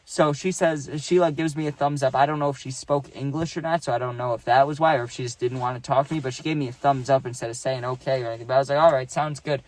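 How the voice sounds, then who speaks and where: A man's voice: mid-range voice, fairly even intonation, fast, few pauses, darkish tone. A young man casually telling a workplace story, rambling and profane and checking in with "right?".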